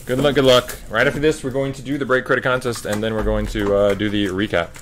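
A man's voice: medium pitch, little pitch movement, fast, a little hiss or hum. A man hosting a live trading card break, casually calling out each card as he opens packs.

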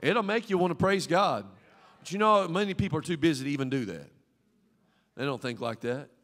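Fired-up pastor guy preaching, higher-ish voice, loud then hushed, big hall echo. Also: lively intonation, fairly quick. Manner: fervent preaching with call-and-response prompts; swings from loud exclamations to quiet asides. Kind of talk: sermon. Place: church sanctuary.

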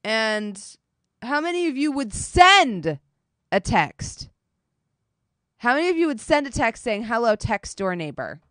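A woman's voice: sits high, very animated, slow, long pauses, a bit bright, dry recording. A woman streaming, chatting casually with her viewers while doing her makeup, telling a story animatedly and swearing often.

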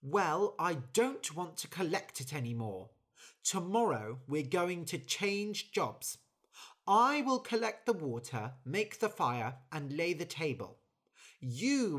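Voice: medium pitch, very animated, slow pace, a bit bright, voice pushed up, exaggerated voice. A storyteller voicing a tired, hard-working female bird who complains about doing too much work. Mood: fed up. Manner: indignant, complaining.

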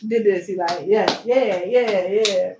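A woman's voice: medium pitch, slow. A young woman from Philadelphia, a former pro basketball player, telling her story as an interview guest in a loose, chatty way full of likes and you knows. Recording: roomy, distant, dull sound with faint noise.

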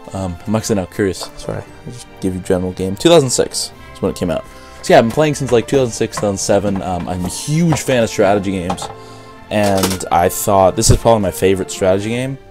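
A man's voice: lowish voice, darkish tone. A young man doing casual let's-play commentary, chatty and self-deprecating, laughing often. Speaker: gaming host.

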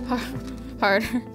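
A young woman hosting a casual cooking demonstration in a studio kitchen, chatty, joking and self-deprecating as she works. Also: a little high. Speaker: cooking show host.

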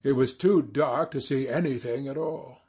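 A man reads a classic novel aloud in a measured, steady way. His voice is husky, and his pitch sits in the middle of the male range. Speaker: audiobook narrator. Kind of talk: scripted narration of a classic novel.

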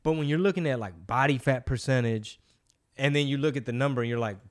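A man's voice: medium pitch, fairly quick. A man, hosting a casual podcast and telling stories in loose, slangy, profane talk. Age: 40s. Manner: loose storytelling, slangy, swears freely. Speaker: podcast host.

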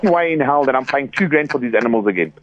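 A man's voice: medium pitch, lively intonation, fast talker. A man with a South African accent on a phone call, ranting angrily about a bill with heavy swearing. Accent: South African English. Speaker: prank call victim. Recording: muffled phone line with noise.

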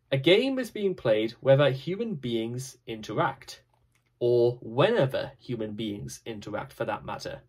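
Husky man, lively reflective talk. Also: mid-range voice. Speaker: speaker giving a short reflective talk. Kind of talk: scripted reflective reading.

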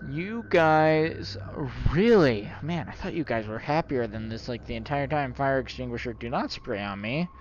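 A man's voice: medium pitch, lively intonation, normal speed, few pauses, muffled recording, a little hiss or hum. A man playing a horror game and commenting, joking at the game's portraits and yelping when startled. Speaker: gaming YouTuber.

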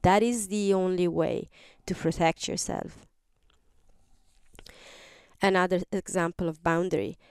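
A woman's voice: lowish voice, steady tone, measured pace, pauses often, smooth, no room sound, clean studio sound. A woman hosting an advice podcast, explaining earnestly and step by step with examples. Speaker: podcast host. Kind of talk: advice talk.

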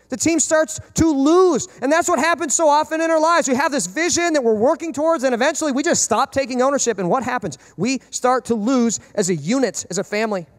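Animated high-voiced male pastor preaching. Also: big-room sound. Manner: animated, acts out quoted parents and kids. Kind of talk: sermon.

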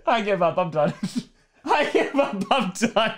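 A male streamer reacting live to a football game, who keeps breaking into helpless laughter. His voice sits high and swings widely. He talks slowly, with long pauses between his words. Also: sing-song, slight background noise. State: laughing fit.

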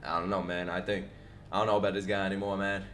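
A young man reacting to an anime episode, excitable and profane, shouting and laughing at the big moments. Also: low-pitched, fast, slight background noise. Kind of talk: live reaction commentary.

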